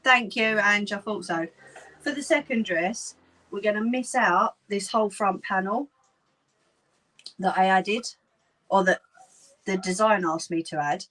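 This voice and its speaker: A woman with a Cockney accent chats to her viewers in an unhurried way while she sews. She laughs often and keeps the talk loose and friendly. Her pitch sits in an ordinary middle range. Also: fairly bright tone, low-quality recording. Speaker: sewing livestream host. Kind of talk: casual live sewing chat.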